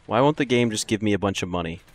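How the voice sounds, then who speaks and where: Speaking fast in a fairly low voice with lively intonation, a man keeps a gaming stream loose and playful. He chats, jokes with his viewers, and laughs a lot.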